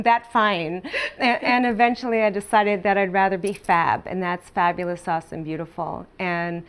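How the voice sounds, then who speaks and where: A woman guest on a talk show who speaks with a mid-range voice. She talks casually about her own experiences and brightens into animated quotes of her own thoughts. The feel stays conversational and open. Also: mid-range voice, moderate pace, few pauses, clean tone. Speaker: guest author.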